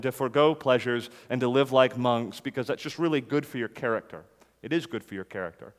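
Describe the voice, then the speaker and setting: A man preaching a sermon to a congregation, emphatic, rising louder on key phrases and dropping low after them. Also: a little fast, few pauses, long reverb tail.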